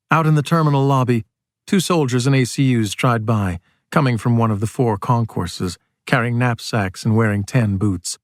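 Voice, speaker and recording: A man reads an audiobook in a measured, steady storytelling voice of average pitch. He sits close to the mic, and the sound is dry, with no room around it. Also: no room sound. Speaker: audiobook narrator. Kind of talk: audiobook narration.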